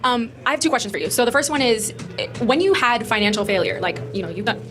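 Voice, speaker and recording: A woman from the audience asking a question hesitantly, with pauses and fillers. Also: a little high, lively intonation. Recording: music playing behind.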